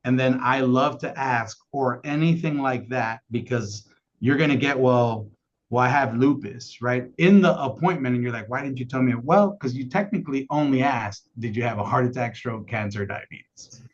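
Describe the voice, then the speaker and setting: A man with a drawl coaches salespeople on a casual call, full of energy and tagging "right?" onto his points. His voice sits at a middle pitch. The call audio is dull and lo-fi. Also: moderate pace. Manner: energetic, keeps asking "right?". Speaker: insurance sales trainer.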